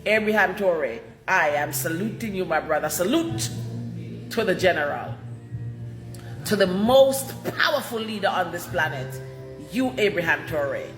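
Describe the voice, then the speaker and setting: A woman's voice: lowish voice, lively intonation, moderate pace, echoey room, music in the background. A woman from Jamaica giving a fervent, declamatory video address with emphatic repetitions, recorded in a salon. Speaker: commentator.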